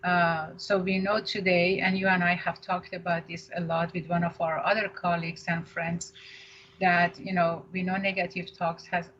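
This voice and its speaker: A woman's voice: on the low side, flat delivery, moderate pace. A female co-host on a counseling radio show, explaining steadily and often adding "you know" and "right?". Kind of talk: radio talk show discussion. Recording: dull lo-fi radio audio with faint hiss.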